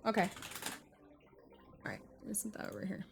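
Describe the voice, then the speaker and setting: A young woman live-streaming while she games and chats with her viewers, muttering one moment and breaking into loud outbursts the next, with a cough that keeps coming back. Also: medium pitch, a little fast, creaky, noisy background. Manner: excitable, swings between muttering and loud outbursts. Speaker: gaming streamer.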